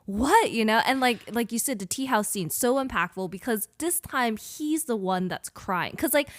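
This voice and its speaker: A woman's voice: on the high side, animated, normal speed, no room sound, studio quality. A woman guest on a podcast, chatting casually, agreeing often and laughing easily. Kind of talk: casual chat.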